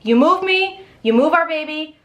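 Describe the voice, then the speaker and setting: A woman voicing a defiant young wife who shrieks threats in a shrill, indignant voice. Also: lively intonation, normal speed, a bit bright, echoey room. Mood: hysterical.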